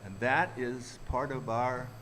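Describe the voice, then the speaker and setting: A man giving a reflective, unhurried talk to a community workshop audience. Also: medium pitch, steady tone, fairly bright tone, slight background noise, low-quality recording. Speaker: workshop speaker.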